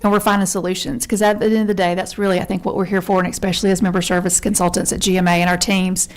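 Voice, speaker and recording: A woman's voice: on the low side, flat delivery, racing. A woman from Georgia giving earnest, conversational testimony before a legislative committee as a member service consultant. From Georgia, USA. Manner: earnest, conversational, says y'all.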